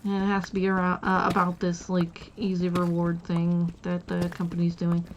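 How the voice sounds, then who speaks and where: A woman's voice: on the low side, completely flat delivery, moderate pace, dull audio, noisy background. A woman live streamer chatting casually while she plays, rambling through stories with restarts and giggles.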